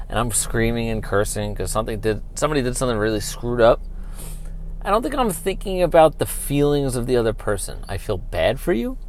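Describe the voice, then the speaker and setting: Chatty male sports podcast host. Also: medium pitch. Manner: animated, talky, with many fillers and asides. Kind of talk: casual solo sports podcast rant.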